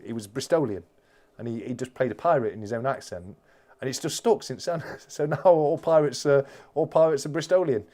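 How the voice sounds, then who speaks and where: A man's voice: mid-range voice, a little fast, dark tone. A man hosting a casual live-stream chat, reading out viewer comments and rambling with many restarts.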